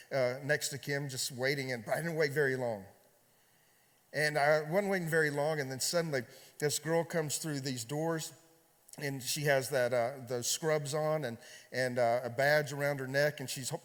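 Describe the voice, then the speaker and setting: A man preaching as a pastor, telling a personal story in a conversational, halting way with many fillers and repeated words. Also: mid-range voice, a bit bright. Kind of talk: sermon storytelling. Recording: long hall reverb.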